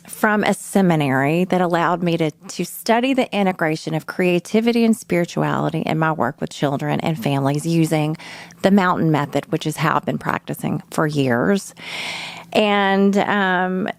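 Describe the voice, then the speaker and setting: A woman, telling a personal story in a lively way and acting out the voices she quotes. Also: fairly low pitch, creaky, no echo. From Nashville, Tennessee. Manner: animated storyteller who acts out quoted voices. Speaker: children's therapist.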